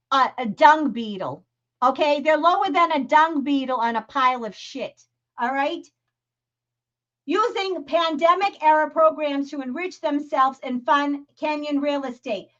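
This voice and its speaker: A woman's voice: high-pitched, normal speed, fairly bright tone, highs cut off. A woman with a Boston accent hosting a live stream, ranting profanely and laughing as she comments. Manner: profane, heated, laughing rants. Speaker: host. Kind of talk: livestream commentary.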